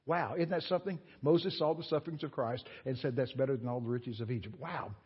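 Delivering a sermon as a visiting preacher, this man tells folksy, animated stories to his congregation with plenty of exclamations. He speaks quickly in a medium, slightly rough voice. The church sanctuary leaves a long reverb tail on a dull, lo-fi recording.

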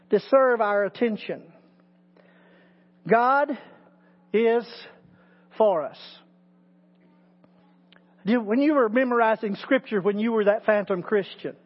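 High-voiced preaching pastor, echoing sanctuary. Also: male voice. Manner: preaching with rising emphatic repetition. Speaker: teaching pastor. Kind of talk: sermon. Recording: muffled audio with long hall reverb.

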